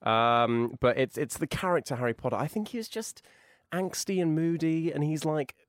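A man in his twenties chatting as a podcast guest, animated and sarcastic, mocking the people he talks about. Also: on the high side, normal speed, dry recording, studio quality. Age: 20s. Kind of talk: casual podcast chat.

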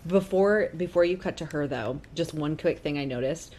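A woman's voice: deep voice, moderate pace. A woman co-hosting a podcast, chatting casually and pointing out small details she noticed. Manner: animated, detail-focused asides. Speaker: podcast co-host. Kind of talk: casual recap chat.

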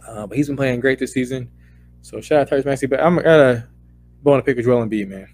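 A man co-hosting a casual sports podcast, heated and profane, his voice climbing into loud rants. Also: mid-range voice, fast talker. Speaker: podcast co-host.

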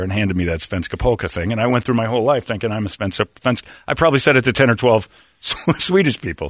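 A man's voice: mid-range voice, animated, fairly quick, fairly bright tone, no room sound, studio quality. A middle-aged man hosting a podcast, telling rambling, crude, jokey stories in casual chat. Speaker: podcast host.

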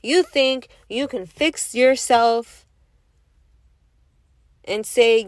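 Woman, high pitch, slow deliberate delivery, dry close sound; blunt opinion piece full of rhetorical questions. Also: no room sound. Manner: emphatic, repeats rhetorical questions, curses. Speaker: vlogger giving opinions. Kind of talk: casual monologue.

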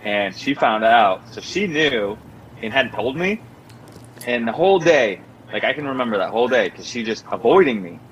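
A young man with a middling pitch tells a story in relaxed, conversational fashion. He scatters "like" through every sentence and lifts his voice when he acts out quotes. A faint noise sits under the recording. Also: moderate pace, poor audio. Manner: animated storyteller, many filler "like"s, acts out quotes in a higher voice. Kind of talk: casual storytelling chat.

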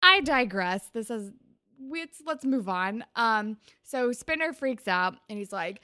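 A young woman co-hosting a podcast, recapping a TV episode in giggly, animated casual chat. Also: mid-range voice, normal speed, gravelly, dry recording, clean studio sound. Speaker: podcast co-host.

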